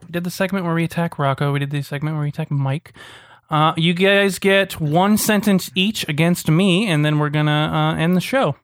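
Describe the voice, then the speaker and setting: A man's voice: fairly high pitch, steady tone, normal speed. A man hosting a comedy podcast, teasing his friends with dry sarcasm. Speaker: podcast host. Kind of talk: casual comedic banter.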